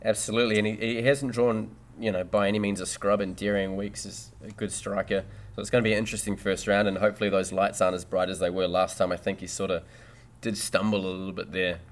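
A man's voice: lowish voice, flat delivery, fast talker, few pauses. A man hosting a casual podcast, boisterous and joking, swearing freely as he chats with his co-hosts. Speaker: podcast host.

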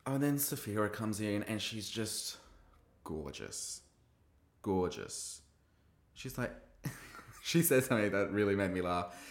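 A man hosting a podcast, recapping a TV episode in a gossipy, animated way and acting out quoted lines. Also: fairly low pitch, normal speed, roomy sound. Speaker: podcast host reviewing a TV episode. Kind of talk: casual recap chat.

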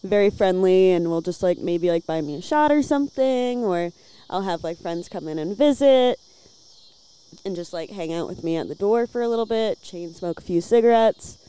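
A woman's voice: on the low side, expressive, normal speed, mellow, clean tone. A Midwestern woman from Illinois in her twenties, chatting casually as a podcast guest and telling stories, packed with "like" and casual swearing. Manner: chatty storyteller, fills talk with "like", swears freely. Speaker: podcast guest, bar door worker. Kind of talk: casual chat.

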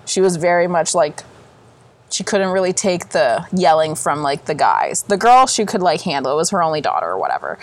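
A woman's voice: on the low side, sing-song, brisk. A woman co-hosting a podcast, chatting casually with blunt, profane, fired-up storytelling and frequent laughter. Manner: laughs often. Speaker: podcast co-host. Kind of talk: casual chat.

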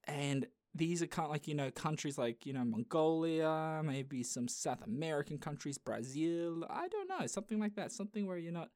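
A man's voice: fairly high pitch, animated, moderate pace, few pauses, a little mellow, no room sound, clean studio sound. A man hosting a podcast in casual chat, rambling with lots of fillers. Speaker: podcast host.

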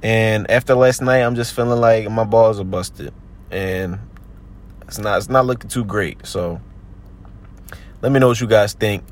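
A man's voice: on the low side, a little slow, pauses often. A man hosting a podcast in a slangy, rambling, casual chat full of fillers. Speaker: podcast host.

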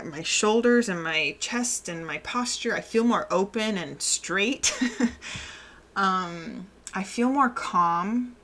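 A woman's voice: on the low side, sharp tone. A woman, a mother of a toddler, talking candidly and reflectively in a casual personal monologue, often laughing.

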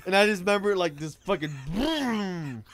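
A man's voice: high voice, sing-song, moderate pace, a bit bright. A man, telling a profane rideshare-driving story in casual chat. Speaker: rideshare driver.

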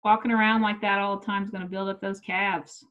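A woman's voice: mid-range voice, little pitch movement, a little fast, phone-quality sound. A middle-aged woman chatting casually and telling blunt, profane stories. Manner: blunt, swearing storyteller. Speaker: comedian. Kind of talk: casual unedited chat.

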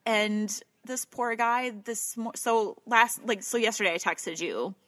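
A woman's voice: on the high side, measured pace, a bit bright, no echo. A woman in casual conversation, telling a long anecdote in a chatty way with some swearing. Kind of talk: casual chat.

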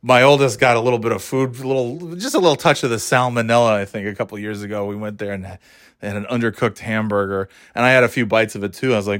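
A fast-talking middle-aged man with a mid-range, slightly bright voice rambles through a solo podcast episode he hosts. He's casual, swears freely and keeps laughing at himself.

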